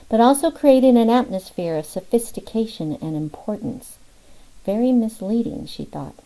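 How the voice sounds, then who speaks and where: A woman narrating an audiobook in a measured, expressive way. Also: medium pitch, low-quality recording. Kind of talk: scripted narration.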